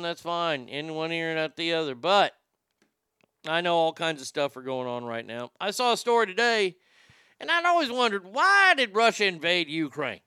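A man hosting a comedy podcast, delivering an irreverent, rambling monologue with deadpan jokes. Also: on the high side, moderate pace, clear, resonant tone, no room sound, studio quality.

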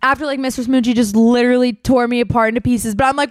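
A young podcast host races through a casual story, frank and chatty, playing out quotes and swearing freely. Her slightly high voice holds a steady tone, and the studio recording is clean and dry.

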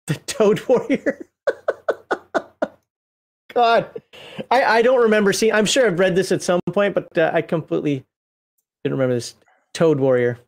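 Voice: medium pitch, normal speed, pauses often. A co-host in casual chat, reading entries from a game book aloud with playful asides and frequent laughter.

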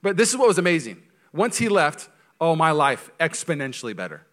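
Bright-voiced pastor preaching a sermon. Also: male voice, a little high, big pitch swings, a little fast. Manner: conversational, jokey, swings from quiet to loud.

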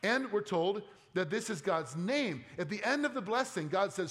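A man's voice: lively intonation, moderate pace, few pauses. Earnest male pastor preaching. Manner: earnest preaching, drops low and soft on scripture; conversational asides with playful quoted voices. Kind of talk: sermon.

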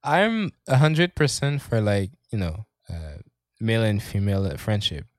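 A man's voice: lowish voice, lively intonation, moderate pace, no room sound, clean studio sound. A man chatting casually as a podcast co-host, rambling, swearing often and laughing as he talks. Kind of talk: casual chat.

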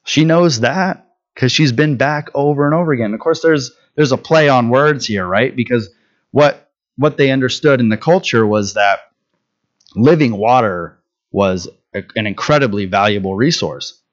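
A man's voice: mid-range voice, normal speed, highs cut off. A man preaching a sermon in a conversational way, often checking in with "right?" and restarting his words.

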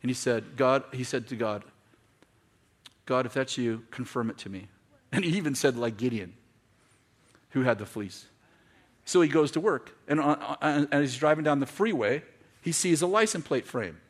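A man preaching a sermon to a congregation, telling stories with quoted dialogue and building to shouted, repeated lines. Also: mid-range voice, lively intonation, moderate pace, long pauses. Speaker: pastor. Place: church in front of a congregation.

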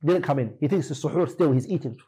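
Mellow, husky man quizzing his students. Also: fairly high pitch, fast, low-quality recording. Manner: questioning, corrects students firmly. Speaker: Islamic teacher. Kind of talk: classroom lesson quizzing students.

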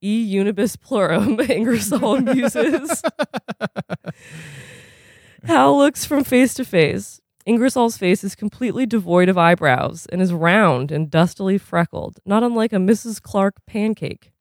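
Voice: medium pitch, animated, unhurried, no room sound, clean studio sound. A reader giving a casual reading of a novel at home, often chuckling along the way.

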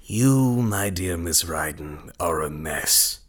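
Un uomo che interpreta un marito cattivo e subdolo, gentiluomo d'epoca, sprezzante e teatrale. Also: male voice, sits low, expressive, takes it slowly. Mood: cruel. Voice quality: sneering, contemptuous, theatrical. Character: scheming, scornful gentleman villain husband. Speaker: villain. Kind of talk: period drama acting.

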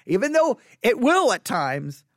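Male pastor preaching, highish voice, repeats himself, owns his faults, dry sound. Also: sing-song, measured pace, a bit bright, dry recording. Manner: candid, self-deprecating, repeats phrases. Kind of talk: sermon podcast.

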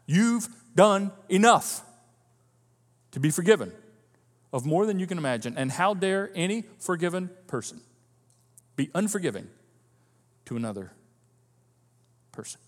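A high-voiced male pastor preaches in a lively way, acting out the people he quotes. His voice carries a long reverb from the church hall. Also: moderate pace. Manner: animated, acts out quoted voices of listeners. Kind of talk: sermon.

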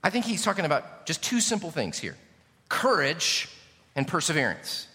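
A male pastor preaching a sermon, emphatic, swinging from loud declarations to hushed, intimate passages. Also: on the high side, very animated, moderate pace. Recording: long hall reverb.

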